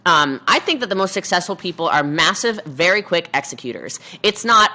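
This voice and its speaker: A woman guest on a podcast interview, talking fast and animated, acting out quoted voices. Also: fairly low pitch. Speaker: podcast guest, network marketer. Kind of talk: energetic interview talk.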